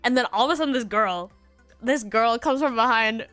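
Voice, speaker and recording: A young woman from the United States chatting casually on stream, rambling and giggling and acting out quotes in a higher voice. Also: brisk, fairly bright tone, no room sound, soft background music. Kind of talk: casual chat.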